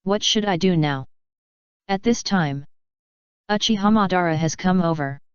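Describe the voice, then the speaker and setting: A woman's voice: fairly low pitch, moderate pace, smooth, no room sound, lo-fi sound, lightly acted. A woman reading the lines of a nervous, hesitant male creature in an anxious way. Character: nervous small white plant-like male creature.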